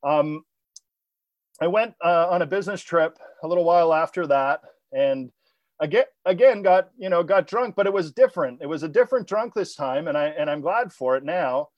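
Halting man telling his recovery story. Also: fairly high pitch, lively intonation, a little mellow, dry recording. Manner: halting, many restarts and repeated words. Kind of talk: personal recovery talk. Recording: dull lo-fi recording.

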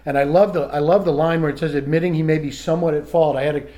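A middle-aged man sharing candidly in a recovery group, self-mocking and halting, often restarting his sentences. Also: a little high, steady tone, warm tone.

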